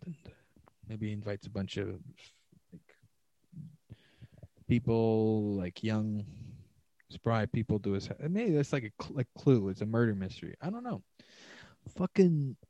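A man's voice: mid-range voice, a little slow, pauses often, mellow, no echo, muffled recording. A man hosting a podcast alone, ranting in a loose, profane, sarcastic ramble, recorded close on a podcast mic. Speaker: podcast host. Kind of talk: solo rambling podcast monologue.

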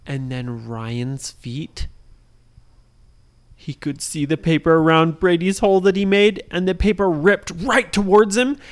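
A woman improvising a bedtime story for a child, lively and singsong, often pausing to ask the child questions. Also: mid-range voice. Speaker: parent telling a bedtime story.

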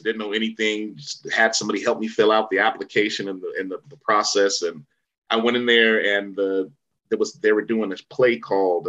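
A man's voice: on the low side, pushed and bright, low-quality recording. A man from the Bay Area telling stories in a casual interview, rambling with many fillers and restarts. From Vallejo, Bay Area, California. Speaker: actor, interview guest.

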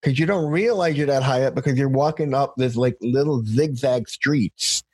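A man's voice: medium pitch, normal speed, slightly rough, no room sound. Rambling man telling a story. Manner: rambling storytelling with many restarts. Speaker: podcast host. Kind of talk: casual conversation.

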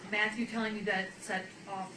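A woman's voice: medium pitch, little pitch movement, moderate pace, crowd noise, poor audio. A woman presiding in a courtroom, asking firm, direct questions.

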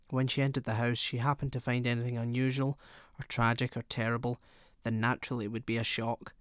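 A man reads a short story aloud in a steady, measured storytelling voice. His pitch sits in an ordinary middle range. The recording is close and dry, with no room echo. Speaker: narrator. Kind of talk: audiobook narration.

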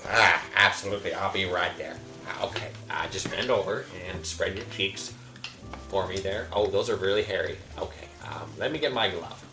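A man doing improv comedy in a brisk, mock-professional manner. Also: low voice, reverberant, music in the background.

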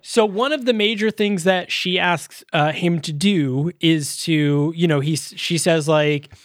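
A man with a fairly high voice co-hosts a casual movie review podcast. He retells scenes animatedly and laughs easily. His voice sounds dry and close, with no room around it. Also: unhurried, no echo. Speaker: podcast co-host.

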